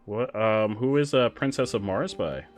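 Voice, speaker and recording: Excitable man streaming a game. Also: on the low side, soft background music. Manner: excitable, quick asides, laughs easily. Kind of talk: casual gameplay chat with viewers.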